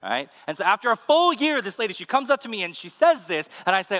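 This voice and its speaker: A man, a pastor, giving a sermon with animated, humorous storytelling. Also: high-pitched, quick pace, few pauses. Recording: long hall reverb.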